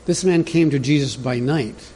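A man's voice: mid-range voice, normal speed, dark tone, slight background noise. A man preaching a sermon as pastor, in a conversational teaching manner that speaks directly to the congregation.

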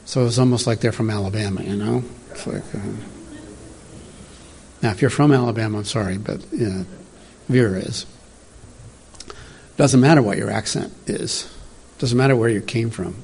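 Middle-aged guy preaching, husky voice, rambly and chatty, laughs at his own tangents. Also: on the low side, moderate pace, long pauses, a little mellow. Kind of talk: informal sermon. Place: church room with congregation.

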